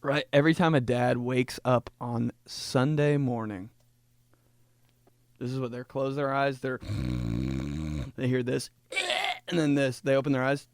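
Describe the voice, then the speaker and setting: A man's voice: medium pitch, fairly even intonation, measured pace, pauses often, dry recording. A young man hosting a casual comedy podcast, rambling and laughing as he tells stories. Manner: rambling, laughing, fond of voices. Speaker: podcast host.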